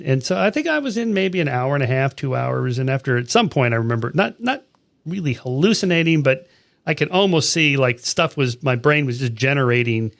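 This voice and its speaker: A man's voice: mid-range voice, gravelly. A man in his sixties hosting a podcast, chatting casually and cutting in on himself in a conversational interview. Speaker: podcast host.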